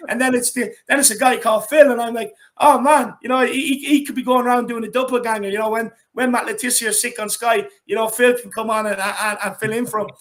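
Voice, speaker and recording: A man hosts a lively fan call-in, talking in a high, bright voice. He rambles along, cracks jokes and keeps the energy hyped. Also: quick pace, hardly any pauses. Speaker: host of a fan call-in show. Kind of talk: casual chat.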